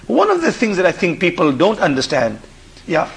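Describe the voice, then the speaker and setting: Man from Africa, talk-show guest, husky and somewhat high-pitched, halting and repetitive delivery. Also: wildly swooping pitch. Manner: halting, repeats and restarts phrases. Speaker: panel guest. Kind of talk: discussion on a radio call-in show.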